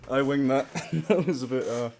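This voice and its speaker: The voice is mid-range, a bit creaky and mellow, at normal speed, with a little hiss or hum in the audio. He's a UK-born charity livestream host and story narrator with a British-American accent who chats casually, laughs often, teases himself and reads viewer comments aloud. He records at home on a desktop mic, a fish tank nearby.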